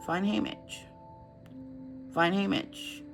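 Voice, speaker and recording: A man voicing a small, traumatized girl who repeats short phrases in a high, flat little voice. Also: slow, creaky, over music, full character voice. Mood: eerie childlike. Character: small traumatized girl tribute, eerie and repetitive.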